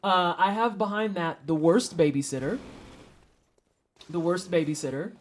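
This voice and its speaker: A streamer with a mid-range voice and moderate pace hangs out with viewers mid-game. The livestream chat is laid-back, with plenty of cursing and joking directed at chat.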